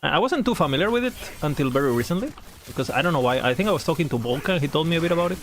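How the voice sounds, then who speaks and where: Young adult man, game streamer, rambling, swearing a lot, slightly high voice, faint room ambience. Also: lively intonation, very fast, fairly bright tone, slight background noise. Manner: rambling, swearing, laughing often. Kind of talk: casual chat while streaming a game.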